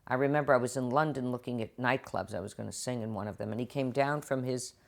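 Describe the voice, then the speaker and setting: An older woman, a guest actress and author, telling stories in an interview and acting out quotes with lively voices. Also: a bass voice, fast, gravelly. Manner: animated, acts out quotes in different voices. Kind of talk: interview storytelling. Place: TV studio.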